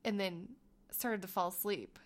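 A woman in her thirties, co-hosting a casual chat and telling family stories with animated acted-out quotes. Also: medium pitch, a little slow. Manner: animated storytelling, acts out quotes. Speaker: podcast co-host.

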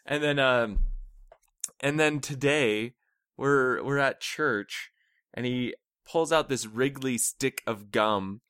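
A man in a relaxed family conversation. His voice is bright and forward at a middle pitch, and he wanders through his thoughts with fillers. The sound is close and dry. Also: takes it slowly, smooth, no room sound. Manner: chatty, trails off with fillers. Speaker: co-host, parent. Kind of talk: casual family chat.

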